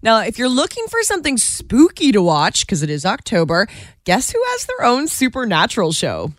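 A woman's voice: on the high side, huge pitch swings, moderate pace, dry recording. Chatty woman radio co-host, dry sound. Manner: chatty, giggly storyteller. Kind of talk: casual chat and entertainment news.

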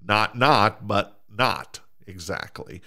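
Low-voiced Minnesota man hosting a podcast. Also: lively intonation, takes it slowly, creaky, sharp tone. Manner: hesitant, many "uh" fillers and restarts. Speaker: podcast host. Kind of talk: casual sports podcast chat.

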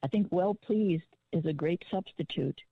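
A gravelly-voiced caller heard over a tinny, phone-like line. She speaks at a middle pitch and talks in a thoughtful, measured way. The line sounds dry. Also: no echo. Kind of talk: casual call-in chat.

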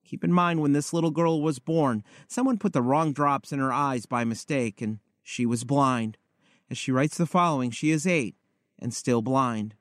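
A man preaching, telling a story in a measured, storytelling manner. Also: mid-range voice, no echo, studio quality. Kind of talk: sermon storytelling.

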